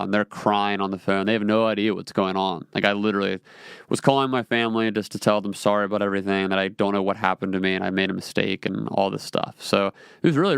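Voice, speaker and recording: A man's voice: on the low side, vocal fry, a bit bright, smooth, no echo, clean studio sound. A man in his twenties, a podcast host, telling a personal story in a casual, rambling way with lots of fillers and restarts.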